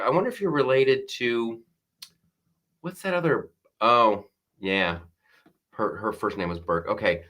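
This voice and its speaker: Lively bright-voiced male comedy host. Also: mid-range voice, a little slow, pauses often, soft background music. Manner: jokey, riffing, reads viewer comments aloud. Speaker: host of a live comedy talk stream. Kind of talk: casual comedic live-stream chat.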